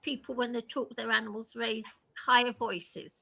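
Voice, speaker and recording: A woman's voice: a little high, steady tone, normal speed, vocal fry, background noise. An older woman chatting casually in a group discussion, laughing often.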